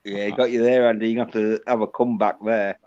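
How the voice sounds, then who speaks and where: A man's voice: lowish voice, little pitch movement, fairly quick, darkish tone. A man hosting a casual livestream, trading crude, profane banter with his guests. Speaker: livestream host. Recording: dull lo-fi sound.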